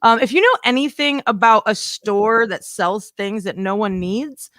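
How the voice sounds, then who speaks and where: A woman's voice: medium pitch, measured pace, dry recording, studio quality. A young woman doing a stand-up set, telling a rambling story and acting out the people she quotes. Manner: rambling, animated, acts out quoted voices. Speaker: stand-up comedian.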